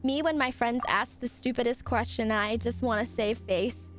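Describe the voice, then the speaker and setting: A woman streaming a game live, reacting excitably and breaking into shrieks and laughter. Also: fairly high pitch, normal speed. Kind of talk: live gameplay stream commentary. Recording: game music playing behind. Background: game soundtrack.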